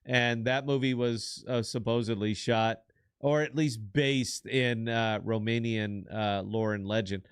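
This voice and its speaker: Male co-host, middle pitch, blunt and rambling, dry close mic. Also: steady tone, unhurried, smooth, dry recording. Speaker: podcast co-host. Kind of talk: casual chat.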